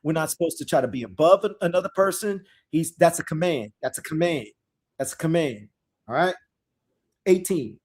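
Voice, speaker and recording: A man with a high voice leads a live scripture discussion in a loose, conversational way. He repeats his phrases and speaks to his listeners as "y'all." When he reads verses, he slows right down and stresses each word. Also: very animated, a little mellow. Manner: reads verses slowly and deliberately.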